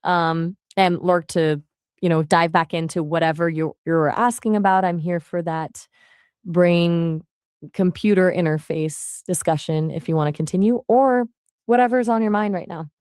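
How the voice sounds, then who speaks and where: A chatty, polite woman's voice as an AI assistant, talking casually and asking follow-up questions. Her voice sits a little low. The sound is close and dry. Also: normal speed, darkish tone, clean tone, no room sound. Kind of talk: casual chat.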